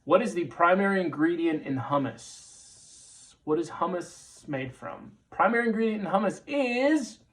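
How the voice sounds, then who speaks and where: A man's voice: sits high, lively intonation, unhurried, a little hiss or hum. Guy hosting trivia, playful and jokey, voice bouncing up and down, takes his time. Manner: playful, jokey asides, repeats questions. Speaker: trivia show host. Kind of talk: hosting a live trivia quiz.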